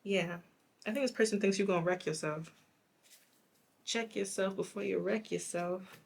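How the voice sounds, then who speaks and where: A young woman giving a casual tarot reading, rambling and chatty with a slightly raspy, hoarse voice. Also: mid-range voice, moderate pace. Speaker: tarot reader.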